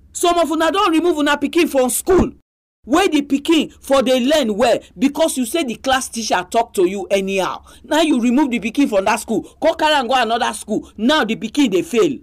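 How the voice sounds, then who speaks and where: A woman with a Nigerian accent preaching a sermon, exhorting her listeners with pointed rhetorical questions. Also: sits high.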